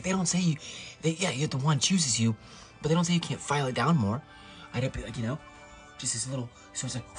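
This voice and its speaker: A young man rambling through a comic monologue to camera, fast and playful, recorded alone at home at night on a tripod camera. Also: mid-range voice. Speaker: comedic vlogger.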